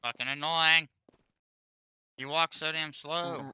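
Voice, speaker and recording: A man's voice: medium pitch, normal speed, pushed and bright, clear, resonant tone, no echo. A man streaming a video game, chatting casually with lots of swearing and reading the on-screen dialogue aloud. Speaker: gaming streamer. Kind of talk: casual let's-play commentary.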